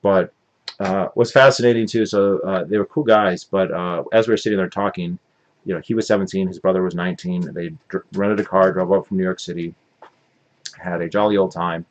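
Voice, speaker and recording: A man's voice: sits low, fairly even intonation, fairly quick, muffled recording. A man hosting his own podcast, recapping an event in a rambling, opinionated monologue and often correcting himself mid-sentence. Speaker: podcast host.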